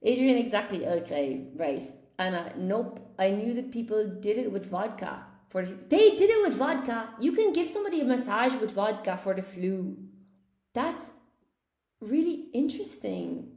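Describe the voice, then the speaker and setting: A woman's voice: medium pitch, sing-song, normal speed, a little mellow. Chatty woman teaching English, echoey room. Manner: chatty, reads viewer comments aloud and laughs; emphatic when correcting mistakes. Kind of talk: live online English lesson.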